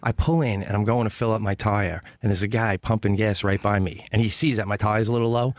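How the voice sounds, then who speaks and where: A man telling a story on a talk radio show, fast and animated with lots of swearing, in a radio studio. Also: fairly low pitch, no echo. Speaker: guest comedian.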